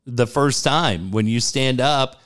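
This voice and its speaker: A man telling a personal story in a casual chat, acting out what people said with big jumps in his voice. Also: takes it slowly. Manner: animated, acts out quotes with big pitch jumps.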